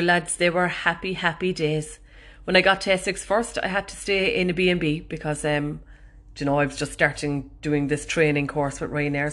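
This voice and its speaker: A woman from Ireland with a Cork accent, hosting a podcast and telling stories in a chatty, self-mocking way that is full of swearing. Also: low voice. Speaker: podcast host. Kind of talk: casual storytelling monologue.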